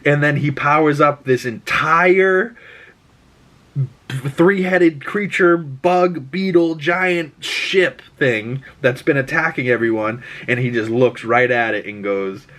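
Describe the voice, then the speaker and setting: A man recapping a TV episode in an excitable, rambling way, full of fillers and swearing. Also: mid-range voice, a little slow, few pauses. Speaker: pop culture podcast host.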